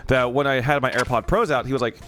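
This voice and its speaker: A man's voice: medium pitch, fast talker, faint music behind. A young man, a streamer, casually telling a story to his viewers, swearing freely and breaking into laughs and yelps. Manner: animated, profane, laughs and yelps in excitement.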